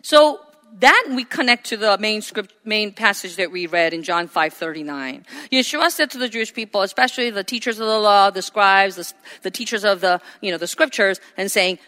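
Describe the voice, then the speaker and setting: A woman in her forties preaching a sermon, moving between loud, emphatic lines and quiet, conversational asides. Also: medium pitch, in a large hall. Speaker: pastor.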